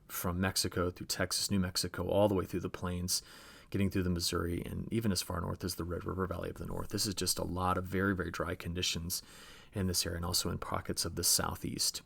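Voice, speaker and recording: A man's voice: sits low, level tone, quick pace, creaky, fairly bright tone, husky. A man giving a chatty agricultural weather briefing over forecast maps, talking straight to viewers and often restarting his phrases.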